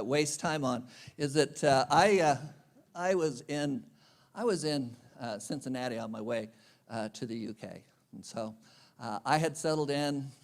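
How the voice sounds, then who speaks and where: A man giving a conference speech, telling a humorous self-deprecating travel story. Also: mid-range voice. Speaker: conference speaker. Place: conference venue.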